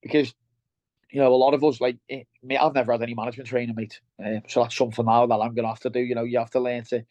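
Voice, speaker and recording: A man's voice: medium pitch, little pitch movement, rapid-fire, darkish tone, dry recording. A middle-aged man with a Merseyside accent, a guest chatting bluntly and plainly about his work, calling the host "mate". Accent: Merseyside English. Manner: blunt, down-to-earth, keeps saying "mate". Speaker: guest, welder turned operations head. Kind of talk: casual interview chat. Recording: dull lo-fi sound.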